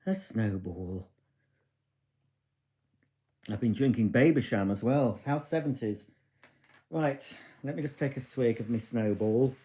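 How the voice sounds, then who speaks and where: Chatting on a live stream from his living room, a slightly drunk man wanders from topic to topic and jokes at his own expense. He speaks at an ordinary pace with a medium-pitched, dark voice, and the recording echoes around the room.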